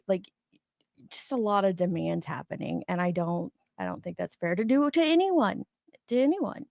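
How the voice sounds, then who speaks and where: Gravelly woman hosting a live chat. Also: medium pitch, animated, normal speed, no room sound, clean studio sound. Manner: emphatic, repeats words when worked up. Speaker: livestream host. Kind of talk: casual livestream chat.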